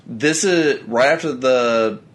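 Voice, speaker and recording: A man's voice: medium pitch, takes it slowly. Regular-sounding guy on a podcast, chill, explaining stuff, a few curse words. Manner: relaxed, explains points, casual swearing. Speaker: podcast co-host. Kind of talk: casual podcast conversation.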